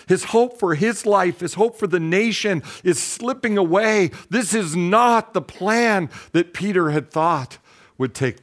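A male pastor preaching a sermon, retelling a Bible story in an earnest, dramatic way, with pauses and repeated words. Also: a little high.

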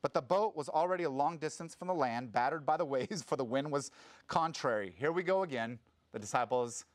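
A man giving a sermon as a pastor, talking casually and acting out quotes in a louder voice. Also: mid-range voice, a little fast. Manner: conversational, animated preaching with sudden loud acted quotes.

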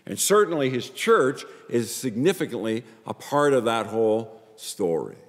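A man delivers a sermon from the pulpit, repeating his phrases in pairs and swinging from quiet lows to emphatic peaks. His mid-pitched voice carries a long reverb from the church sanctuary around him. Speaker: pastor.

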